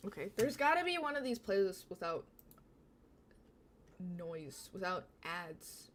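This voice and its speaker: A woman's voice: mid-range voice, sing-song, measured pace, slight background noise. A woman livestreamer chatting casually with her viewers in a rambling, self-mocking way. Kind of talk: casual chat with stream viewers.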